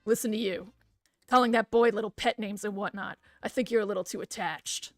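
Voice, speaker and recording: Woman voicing a gruff overbearing father. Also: mid-range voice, fairly quick, no room sound, clean studio sound, soft background music, natural voice. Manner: firm, flat, grumbling.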